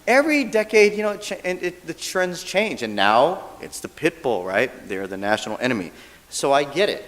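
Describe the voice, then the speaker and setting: A minister with a fairly high voice speaks at normal speed, giving a relaxed, joking dharma talk in a church hall where the reverb lingers. He acts out quoted voices animatedly and frequently asks his audience "right?"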